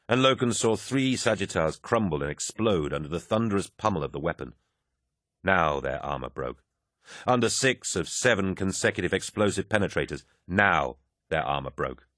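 Very deep-voiced male audiobook narrator. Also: a bit bright, no room sound, clean studio sound. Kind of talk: scripted narration.

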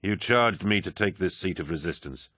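An earnest soldier captain weighed down by shame, speaking in a subdued, heavy tone, as a male audiobook narrator puts him on. The voice is extremely deep and recorded dry and close. It stays low and sincere throughout. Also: lively intonation, moderate pace, fairly bright tone, dry recording. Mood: troubled. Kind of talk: audiobook character voice.

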